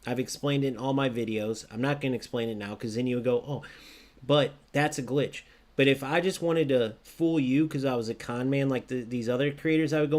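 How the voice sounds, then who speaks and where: A man talking over a football video game as he plays, ranting at his viewers. His voice sits at an ordinary middle pitch, and he argues in a fired-up, conversational way, turning to the audience again and again to press his point. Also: a little fast, darkish tone. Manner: ranting, argumentative, addresses viewers directly. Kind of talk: live gameplay commentary.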